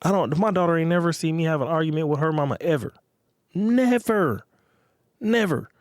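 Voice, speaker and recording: A man's voice: on the high side, fairly even intonation, racing, darkish tone, smooth, dry recording, studio quality. Rambling, profane male podcast host. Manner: rambling, profane, repeats "you get what I'm saying". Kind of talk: casual monologue.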